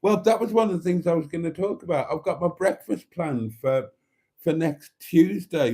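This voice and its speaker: A man's voice: a little high, moderate pace, dark tone, breathy edge. A man hosting a live stream, chatting casually and rambling as he reads viewer comments aloud, with mild swearing. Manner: rambling, chatty, self-deprecating, swears mildly.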